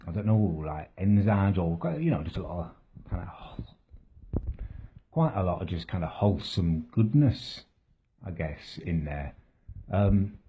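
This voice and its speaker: An actor playing a crude, self-pitying middle-aged bloke who talks to camera in a rambling, matter-of-fact deadpan, muttering asides under his breath. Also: deep voice, unhurried, long pauses, a little hiss or hum. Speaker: comedy vlogger character. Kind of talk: deadpan comic monologue to camera.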